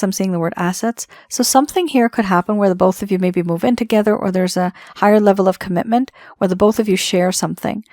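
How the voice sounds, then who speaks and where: A woman's voice: medium pitch, a little mellow, no room sound, clean studio sound. A woman giving a tarot reading, talking straight to the viewer in a conversational, reassuring way. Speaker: tarot reader.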